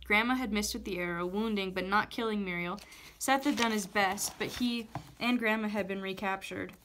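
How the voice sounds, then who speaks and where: Woman teacher, steady read-aloud of a novel chapter. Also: mid-range voice, normal speed, slight background noise.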